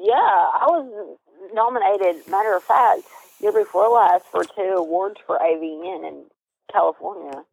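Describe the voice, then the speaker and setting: A woman's voice: mid-range voice, animated, measured pace, vocal fry, a little mellow, husky, no room sound. A woman talking as an interview guest on a phone call, candid and chatty, laughing often. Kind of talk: casual phone conversation. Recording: tinny dry phone line.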